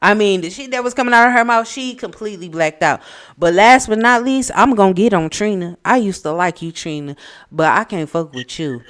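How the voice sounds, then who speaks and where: A woman co-hosting a casual reality TV recap podcast, speaking in with a blunt, opinionated, animated manner. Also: mid-range voice, a little fast. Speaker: podcast co-host.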